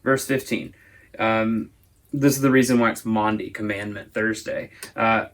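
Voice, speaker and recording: A man's voice: on the low side, fairly even intonation, a little slow. A man teaching a Sunday school lesson, explaining at length in a casual, thoughtful way. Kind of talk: casual Bible discussion.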